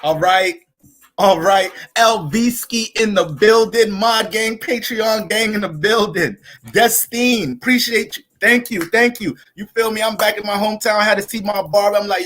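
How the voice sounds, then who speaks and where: A man hosting an astrology livestream from his family home, hyped and profane, shouting out viewers in casual chat. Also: high voice, moderate pace, low-quality recording.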